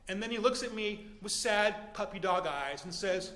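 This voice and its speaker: A man tells a comic true story live on a theater stage, and his outrage is big and exaggerated for laughs. His voice sits very high and rings bright and forceful. It carries a roomy echo with a long hall tail. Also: expressive, fairly quick, few pauses, a little hiss or hum.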